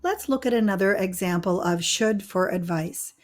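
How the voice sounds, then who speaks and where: A woman English teacher giving a scripted grammar lesson, explaining patiently and clearly and stressing the key words. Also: medium pitch, moderate pace, soft background music.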